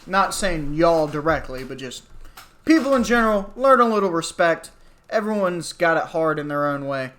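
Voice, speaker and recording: At a moderate pace, with lively intonation and a slightly high, fairly bright voice, a man in his twenties complains to his viewers on camera. He's sarcastic and frustrated, swearing openly and meandering through asides.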